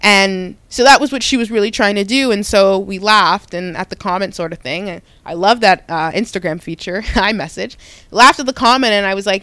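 Smooth-voiced young woman telling a story. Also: mid-range voice, moderate pace, no room sound. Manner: animated, frequent restarts and self-corrections. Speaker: podcast host. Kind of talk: casual personal storytelling.

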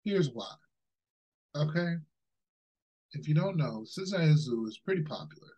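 A man's voice: a little high, moderate pace, slightly rough, low-quality recording. A man co-hosting a podcast, ranting in casual chat with plenty of swearing and laughter. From Ohio, USA. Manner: animated, ranting, laughs often, swears freely. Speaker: podcast co-host.

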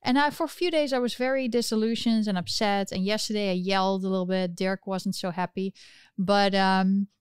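Woman ranting about politics, dry close mic, super clear voice. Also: medium pitch, fairly quick, no echo. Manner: animated, indignant, restarts often. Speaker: political commentary host. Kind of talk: casual political commentary.

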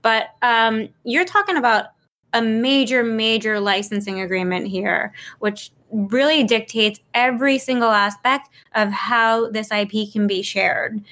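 A woman co-hosting a podcast, an attorney, answering in a measured, explanatory way. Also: on the high side, fairly bright tone. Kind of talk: casual podcast chat.

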